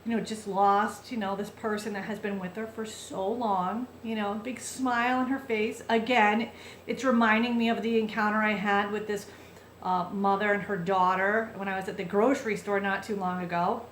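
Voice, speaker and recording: A woman's voice: medium pitch, fairly even intonation, normal speed, reverberant, a little hiss or hum. A woman vlogger telling a heartfelt personal story in a chatty, casual way, full of fillers and restarts.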